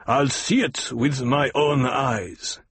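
A man voicing a gruff, disdainful imperial officer with a growl in an audiobook. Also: mid-range voice, steady tone, slow, a bit bright, no echo, full character voice.

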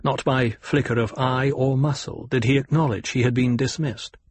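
Male audiobook narrator, measured, husky, dry sound. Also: medium pitch, fairly even intonation, darkish tone, dry recording. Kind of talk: scripted narration.

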